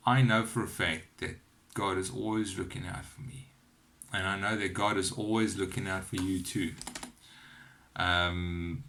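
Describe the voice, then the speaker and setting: A man with a fairly low voice shares a personal testimony at home, speaking into a camera on a shaky holder. His delivery is earnest and encouraging, with lively storytelling. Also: gravelly. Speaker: Christian vlogger sharing testimony. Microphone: camera on a cheap wobbly phone holder.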